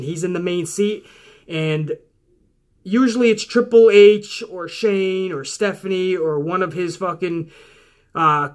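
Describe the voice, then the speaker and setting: A man giving a casual, profanity-heavy recap of a wrestling show as its regular reviewer, ranting excitedly. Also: high voice.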